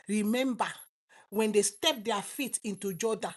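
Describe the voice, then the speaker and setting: A middle-aged Nigerian woman preaching a fervent sermon to online viewers, swinging between loud exclamations and low asides. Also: normal speed.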